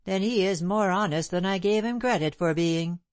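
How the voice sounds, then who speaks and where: A woman reading the part of a proud, bitter gentleman who speaks in a sneering, clipped way. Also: mid-range voice, moderate pace, no echo, natural voice. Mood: scornful. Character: proud bitter middle-aged gentleman, scornful.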